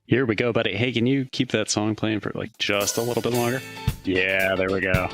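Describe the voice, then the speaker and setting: A relaxed man co-hosts a casual podcast and asks curious questions. His voice sits somewhat low. Faint music plays in the background. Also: fairly quick. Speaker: podcast co-host.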